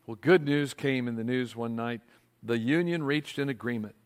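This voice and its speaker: A male pastor preaching a sermon, asking his congregation rhetorical questions in an animated way. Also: medium pitch, normal speed, clean tone.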